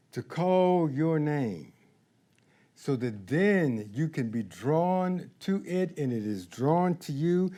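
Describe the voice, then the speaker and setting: Male minister, high lively voice, slow, unhurried sermon delivery. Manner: slow, animated, acts out little scenes.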